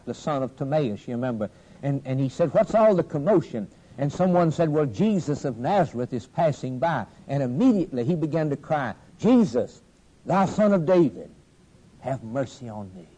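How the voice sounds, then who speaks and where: A man's voice: fairly high pitch, warm tone, husky, rough recording. A man preaching a sermon with fervent, rising and falling emphasis and repeated phrases.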